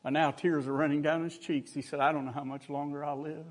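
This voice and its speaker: A man's voice: on the high side, level tone, fast. An older man preaching a sermon, telling folksy personal stories with humor and rising exhortation.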